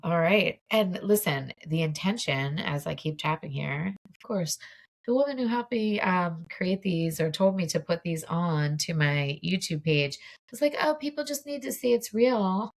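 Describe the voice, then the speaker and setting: A woman's voice: low voice, measured pace. A woman in her forties, a mindset coach, casually talking viewers through a tapping exercise in a chatty, open way. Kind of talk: guided tapping demonstration.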